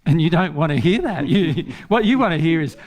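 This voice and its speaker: A man's voice: on the high side, lively intonation, fairly quick. A man giving an informal spiritual teaching talk, earnest, repeating phrases and laughing often.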